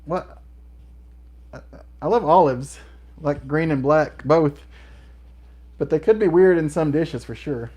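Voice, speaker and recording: A man's voice: a little high, slow pace, pauses often, darkish tone, slightly rough. A middle-aged man hosting a livestream, chatting casually and laughing often as he reads viewer comments. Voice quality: laughs often between remarks. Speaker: livestream host.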